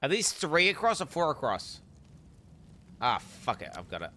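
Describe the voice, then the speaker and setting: A man's voice: on the high side, huge pitch swings, normal speed, sharp tone, slight background noise. Man streaming games, swearing a lot. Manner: crude, swears constantly, loose and joking. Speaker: game streamer. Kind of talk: casual live-stream chat.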